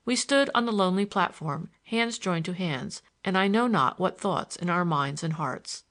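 A female audiobook narrator reads a novel from a script, measured and expressive, in a fairly low-pitched voice.

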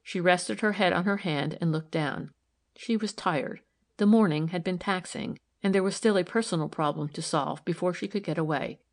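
Brief: female audiobook narrator, low-ish pitch, steady and even. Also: moderate pace.

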